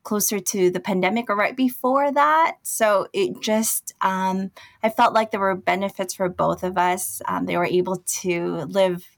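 A woman's voice: mid-range voice, normal speed, vocal fry, hardly any pauses, dry recording, studio quality. A woman in her forties, a teacher, chatting as a radio guest, using fillers and laughing lightly. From United States. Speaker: interview guest, schoolteacher. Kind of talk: remote radio interview.

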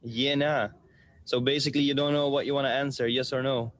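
A man's voice: medium pitch, level tone, brisk, no room sound. A man who plays darts, speaking as a guest in a casual interview, laughing easily and good-humoured.

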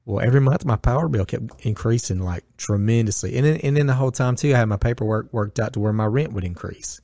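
Man, plain mid-pitched voice, blunt and profane podcast guest telling a story, dry close recording. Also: fast, no room sound. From Northwest Georgia, US. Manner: blunt and profane, with lively acted-out quotes. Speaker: podcast guest, gym owner. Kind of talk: casual storytelling chat.

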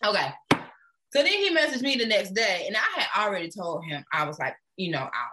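A woman co-hosting a casual chat show, animated and blunt, swearing and laughing often. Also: mid-range voice, brisk, background noise. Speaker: podcast co-host.

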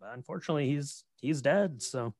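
A man co-hosting a casual podcast, retelling a film's plot with relaxed, rambling speech full of fillers. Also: fairly high pitch, moderate pace, dry recording, clean studio sound. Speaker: podcast co-host. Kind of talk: casual movie recap chat.

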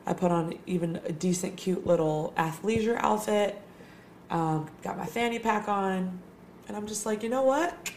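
A woman's voice: medium pitch, moderate pace, darkish tone, slight background noise. A young woman hosting a casual solo talk, chatty and swearing freely, with lots of filler words.

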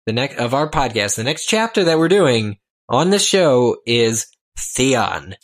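A man co-hosts a casual podcast chat. He reads the show's plugs in a playful, half-mocking announcer manner, with a lively, swinging pitch. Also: a little slow. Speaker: podcast co-host.

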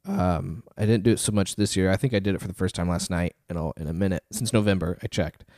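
A man's voice: deep voice, fast, darkish tone, dry recording, clean studio sound. A man co-hosting a podcast, telling a story in casual chat with lots of fillers. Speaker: podcast co-host.

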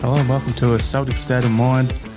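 Flat-voiced male podcast host. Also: medium pitch, music in the background. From Australia. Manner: relaxed, halting with fillers. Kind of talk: casual football podcast chat.

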